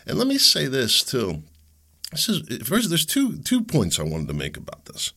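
A man's voice: fairly low pitch, wildly swooping pitch, moderate pace, sharp tone. A middle-aged man hosting a podcast, talking in a casual opinion monologue with chuckling asides and emphatic bursts. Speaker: podcast host.

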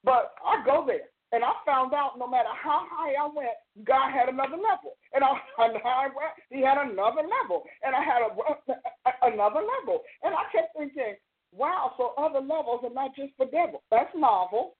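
A woman's voice: sits high, expressive, normal speed. A woman host preaching in a loose, conversational way, driving her points home by repeating phrases. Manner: emphatic, repeats phrases for stress. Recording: tinny phone-line sound.

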